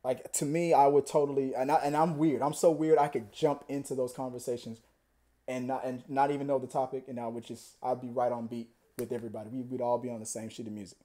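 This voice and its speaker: A man's voice: mid-range voice, fast. A man hosting a show, ranting comically and acting out the voices he quotes. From Texas. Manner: animated, acts out quoted voices, laughs often. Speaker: podcast host. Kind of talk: comedic rant.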